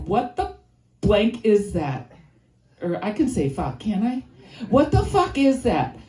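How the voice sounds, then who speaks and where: A woman's voice: medium pitch, warm tone. A woman from Chicago with a nasal voice and a Chicago accent doing a rambling, crude, self-deprecating stand-up set. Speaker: stand-up comedian. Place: stage in a comedy venue. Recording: echoey room.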